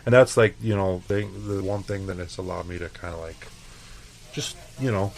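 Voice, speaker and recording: Deep-voiced man telling a profane story. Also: normal speed, rough recording. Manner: loose, profane storytelling with many fillers. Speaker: chef guest. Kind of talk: casual podcast interview.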